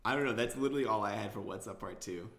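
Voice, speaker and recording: A man's voice: fairly low pitch, very fast, fairly bright tone, roomy sound. A young man co-hosting a casual podcast, laid-back and rambling, full of fillers and easy laughter. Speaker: podcast co-host. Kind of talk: casual chat.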